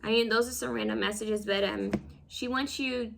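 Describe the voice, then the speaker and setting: A woman's voice: fairly high pitch, fairly even intonation, normal speed, vocal fry, noisy background. A woman giving a casual pick-a-card tarot reading, rambling and self-conscious, full of fillers and restarts as she fumbles over her words.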